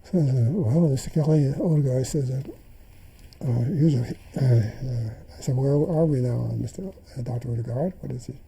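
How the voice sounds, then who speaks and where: A man's voice: mid-range voice, moderate pace, gravelly, dark tone, a little hiss or hum, poor audio. An older man in an interview, animatedly retelling events and acting out the dialogue he quotes. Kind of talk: storytelling in an interview.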